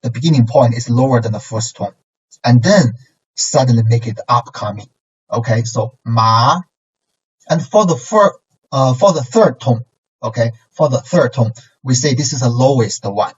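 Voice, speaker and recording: A man's voice: mid-range voice, lively intonation, normal speed, darkish tone, slightly rough. A man teaching a language lesson, patiently modeling syllables and tones for repetition and checking in with "okay" and "right". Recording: distant, dull lo-fi sound.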